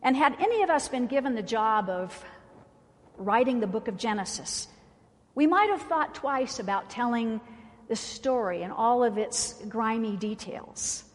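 A woman's voice: on the high side, lively intonation, measured pace. A woman pastor preaching a sermon in a conversational way, with wry asides. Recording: reverberant church sanctuary.

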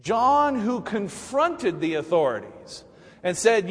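A male pastor preaching a sermon in a relaxed, humorous, conversational way, often restarting his sentences. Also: on the high side, measured pace, big-room sound. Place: church sanctuary.

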